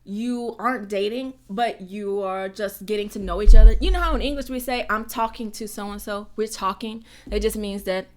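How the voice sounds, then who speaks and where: An American woman hosting a casual live-stream Q&A, chatty and animated, jumping from loud exclamations to whispered asides. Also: mid-range voice, normal speed, few pauses. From United States.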